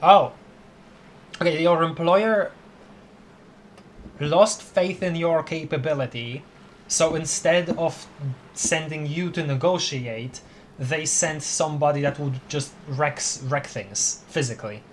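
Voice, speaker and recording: A streamer chats through a story game, thinking aloud and tripping over words now and then. The voice is mid-pitched. A faint hiss sits behind it. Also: slow. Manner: thinks aloud, reads game text, stumbles and laughs. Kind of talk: casual let's-play commentary.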